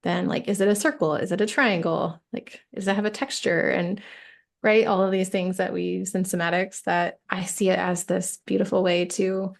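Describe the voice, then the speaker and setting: A woman's voice: mid-range voice, little pitch movement, moderate pace, vocal fry. A woman coach talking as a podcast guest, reflective and emphatic, often checking in with "right?". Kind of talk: casual interview chat.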